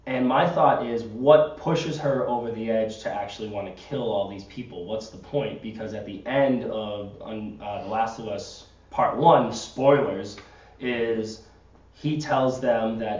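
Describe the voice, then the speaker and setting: A man's voice: on the low side, a little slow, a little mellow. A man hosting a casual podcast, rambling on as he explains things. He sits far from the mic in an echoey room, and the recording sounds dull and lo-fi. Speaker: podcast host. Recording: roomy, distant, dull lo-fi sound.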